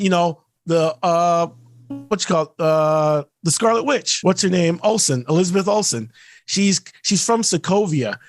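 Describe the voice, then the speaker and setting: A man co-hosting a podcast, ranting in casual chat and mimicking actors in quick asides. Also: fairly high pitch, no echo, clean studio sound. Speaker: podcast co-host.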